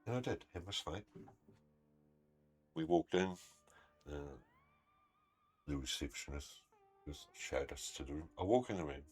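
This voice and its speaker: A man's voice: a bass voice, animated, unhurried, pauses often, a little mellow, slightly rough, soft background music. A man, a gaming streamer casually telling a story in a blunt, swearing, heated way. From New Zealand.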